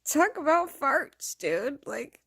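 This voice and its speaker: A woman's voice: high voice, sing-song, takes it slowly, pushed and bright. A woman vlogger ranting casually to camera, blunt and profane, rambling and laughing often.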